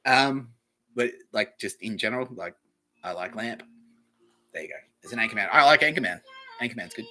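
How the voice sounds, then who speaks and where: Australian man, podcast host, comedic rant, crude and rambling, bright tense voice. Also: medium pitch, expressive, a little fast, faint music behind. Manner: profane, rambling, mock-outraged.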